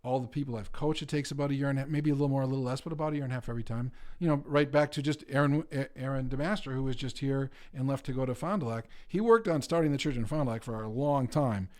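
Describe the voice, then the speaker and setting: A quick-talking man at a middle pitch, speaking candidly as a pastor in casual chat. He rambles a little and restarts phrases in a loose, conversational way. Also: darkish tone.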